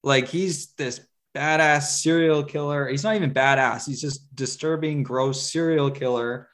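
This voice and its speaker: A man's voice: a little high, unhurried, fairly bright tone. A man co-hosting a podcast, chatting casually about movies in a rambling way with lots of fillers and restarts. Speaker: podcast co-host. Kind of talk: casual movie review chat.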